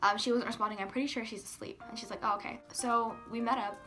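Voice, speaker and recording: A young woman telling a storytime tale casually. She swears a lot, fills her talk with "like", giggles and sometimes drops to a hush. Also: fairly high pitch, steady tone, fast, faint music behind. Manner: giggly, profane, filler-heavy, hushed at times. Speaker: vlogger.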